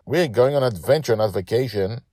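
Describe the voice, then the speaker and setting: A man's voice: mid-range voice, moderate pace, mellow, dry recording, studio quality, pitched above the performer's own voice, natural voice. A man voicing a bossy four-year-old girl who plays a pirate captain and speaks harshly and commandingly.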